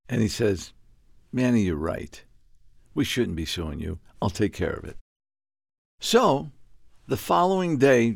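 An older man from Puerto Rico spins a long story in an interview. His voice sits low, gravelly and a little husky. He acts out every exchange, and his pitch jumps high when he gets worked up. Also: no room sound, clean studio sound. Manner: animated, acts out dialogue with sudden high-pitched outbursts. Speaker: guest.

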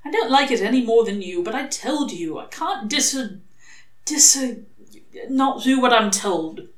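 Woman doing a fussy angel gentleman, prim, flustered, storybook reading, roomy echo. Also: fairly high pitch, lively intonation, measured pace, pitched above the performer's own voice. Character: fussy, prim male angel, tipsy and fretful. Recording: echoey room.

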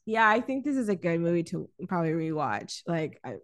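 A woman co-hosting a podcast, chatting casually about films, animated, laughing often and swearing freely. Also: fairly low pitch, a little fast. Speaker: podcast co-host. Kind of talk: casual film review chat.

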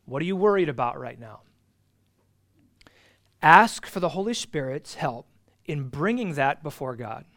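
High-voiced man teaching a Bible class. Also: fairly bright tone. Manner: earnest, repeats key phrases for emphasis.

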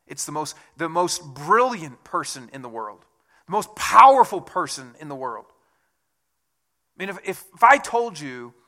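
A man with a high, bright voice gives a sermon in a loose, conversational way. He jokes at his own expense and talks as a pastor would to his congregation. His tone is lively and clear. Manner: conversational, self-deprecating asides.

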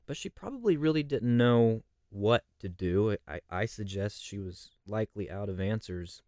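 Low-voiced man teaching a Bible study. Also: expressive, normal speed, dark tone, no room sound, clean studio sound. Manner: reflective, poses rhetorical questions.

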